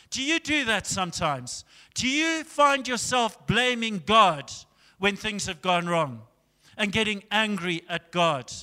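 High, bright-voiced man preaching in a hall. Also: smooth. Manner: dramatic storytelling, swinging from loud to hushed. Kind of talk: sermon.

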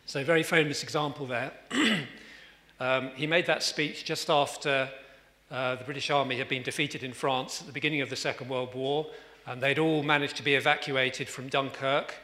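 Bright-voiced preacher in a reverberant hall. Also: male voice, medium pitch, fairly even intonation, normal speed. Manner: conversational, with fillers and restarts, emphatic when reading scripture. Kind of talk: sermon.

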